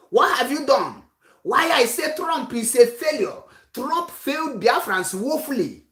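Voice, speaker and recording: A woman's voice: on the high side, fairly bright tone, echoey room. A woman giving a rousing political speech, full of rhetorical questions and repetition. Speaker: activist speaker.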